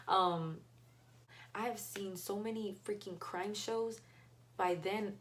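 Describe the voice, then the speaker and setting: A woman's voice: fairly low pitch, fairly even intonation, moderate pace, slight background noise. A young woman retelling a story in a casual, blunt and profane way, acting out the dialogue. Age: young adult. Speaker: vlogger.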